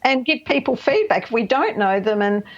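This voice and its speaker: A middle-aged woman counsellor speaks as a radio guest in a gravelly, creaky voice. She explains things emphatically, often checking in with "right?" and "you know". The audio is slightly dull and lo-fi. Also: fairly high pitch, sing-song, moderate pace. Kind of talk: radio interview.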